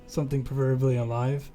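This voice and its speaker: A man voicing a hungry male rat that speaks into a mind, halting and sighing as it pleads. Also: medium pitch, mellow, natural voice.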